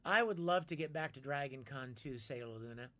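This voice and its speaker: A man's voice: medium pitch, brisk, sharp tone. A man hosting a casual live stream, chatty and friendly, answering viewers by name and plugging his projects. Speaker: live streamer reading chat.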